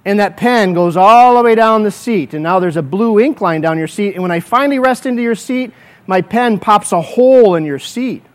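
A male pastor with a high-pitched voice delivers a morning sermon in a church. He moves from earnest prayer to lively storytelling built on vivid what-if scenarios that he spins out for the congregation. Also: moderate pace.

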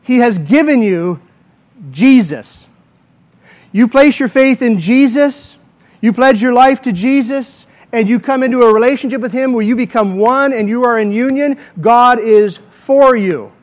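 A male pastor delivering a sermon to a congregation. His voice sits notably high for a man. He is emphatic and slows down deliberately to drive his main points home. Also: a little mellow. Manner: emphatic, slows down to stress key words.

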